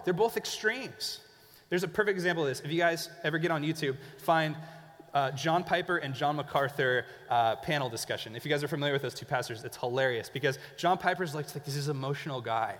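A man's voice: on the high side, a little fast. Man preaching in a reverberant hall. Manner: conversational, animated, acts out people he describes. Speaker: pastor. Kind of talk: sermon. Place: church.

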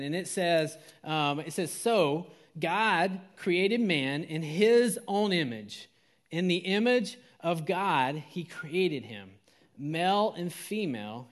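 Chatty preacher, slightly high. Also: male voice. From Georgia, US. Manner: conversational, many fillers and restarts. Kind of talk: sermon.

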